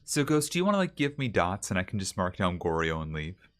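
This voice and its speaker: A man's voice: low voice, very animated, fast talker. A man streaming a ghost-hunting game, chatting casually with viewers and asking the ghost questions, with mild allergies. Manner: chatty, talks to himself and chat, asks the ghost questions.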